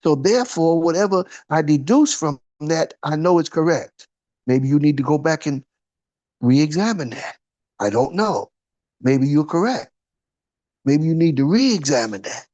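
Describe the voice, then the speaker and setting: A man's voice: a little high, expressive, a little slow, a little mellow, muffled recording. A man giving an informal sermon, throwing out rhetorical questions and checking in with his listeners. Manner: conversational, asks "huh?" often, rhetorical questions. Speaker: preacher.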